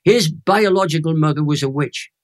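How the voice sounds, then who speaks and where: A Welsh man in his eighties, a Christian minister telling a personal testimony as an interview guest, animated and emotional. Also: a little high, normal speed. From Wales. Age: 80s.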